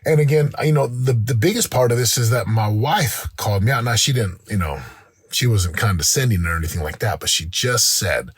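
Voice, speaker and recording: A middle-aged man hosting a show, giving an energetic motivational talk with lots of restarts and repeated words. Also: fairly low pitch, brisk, husky, dry recording, studio quality. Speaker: podcast host. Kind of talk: motivational monologue.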